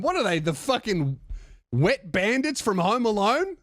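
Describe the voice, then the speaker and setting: Male comedian, viewer emails, swearing riffs, slightly high voice, dry close mic. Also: big pitch swings, unhurried, a bit bright, no echo. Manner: profane, riffing, mocking asides. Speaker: comedian and podcast host.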